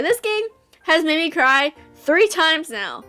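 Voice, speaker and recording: High bright emotional young woman. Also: big pitch swings, slow, soft background music. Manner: emotional, gushing, laughs and near tears. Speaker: visual novel reader, channel host. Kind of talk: reading a visual novel aloud with reactions.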